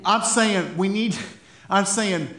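A man preaching a sermon to his congregation, animated, laughing often and repeating words as he goes. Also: high-pitched, slow pace. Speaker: pastor. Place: church hall. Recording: echoey church room.

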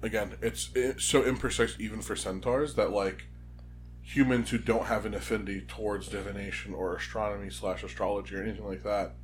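A man's voice: fairly low pitch, brisk, a little hiss or hum. A man co-hosting a podcast, casually summarizing a book chapter. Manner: relaxed, summarizing. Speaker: podcast co-host.

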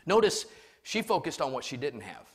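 Emphatic middle-aged preacher. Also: male voice, medium pitch, big pitch swings, normal speed, slightly rough. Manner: emphatic, storytelling, swings from shouting to hushed. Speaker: pastor. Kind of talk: sermon.

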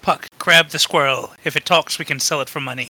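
A man's voice: fairly high pitch, brisk, sharp tone. Man as a greedy scheming trader. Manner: mercenary, dismissive.

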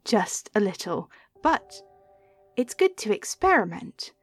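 Sly red goddess in a tabletop game, hushed and coaxing, slow bargaining lines; a woman puts her on. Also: mid-range voice, very animated, faint music behind. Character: red female patron deity, sly and bargaining.

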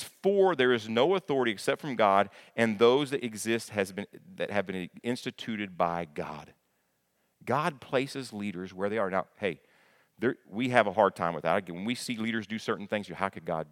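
A man preaching a sermon to his congregation, emphatic, repeating key words and asking them questions, often stumbling and restarting. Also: lowish voice. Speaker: pastor.

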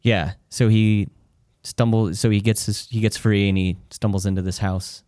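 Male podcast host, low dry voice, loose chatty film recap. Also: moderate pace, no echo. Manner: rambling, animated retelling with many restarts. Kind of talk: casual film discussion.

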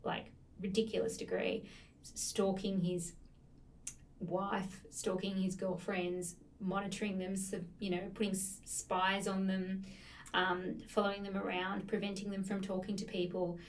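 A woman's voice: mid-range voice, level tone, measured pace, recorded from a distance, slight background noise. A woman co-hosting a casual chat about books, telling stories enthusiastically and laughing often. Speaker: podcast co-host discussing books.

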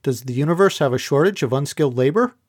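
A man voicing a sharp young female reporter in an audiobook, asking pointed, incredulous questions. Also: medium pitch, lively intonation, fast, breathy edge. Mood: amused. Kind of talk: audiobook character voice.

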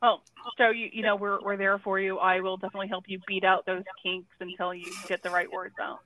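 A woman's voice: medium pitch, little pitch movement, fairly quick, bright, forceful tone, no room sound, poor audio. A woman co-hosting a casual chat, teasing the others playfully. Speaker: podcast co-host.

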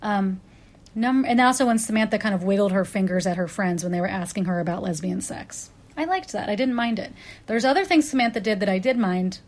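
A woman's voice: mid-range voice, lively intonation, fairly quick. Chatty woman doing a wry countdown. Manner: chatty, wry, with frequent "um" and self-corrections; acts out quoted characters in bursts. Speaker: pop culture commentator. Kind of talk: casual list countdown monologue.

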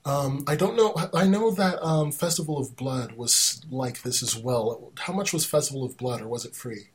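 A man at a mid-range pitch hosts a relaxed gaming podcast. He is chatty, moves the talk along briskly and reads out news items between questions for his co-hosts. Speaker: podcast host. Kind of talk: casual gaming podcast chat.

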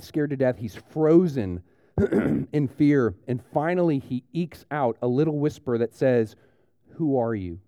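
A man, preaching a conversational sermon and retelling a story with lively restarts. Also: mid-range voice, no room sound, highs cut off. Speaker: pastor.

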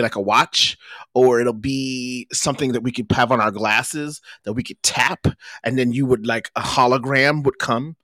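A man co-hosting a casual podcast, an animated storyteller who talks with lots of fillers. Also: mid-range voice, dry recording, studio quality. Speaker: podcast co-host. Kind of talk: casual chat.

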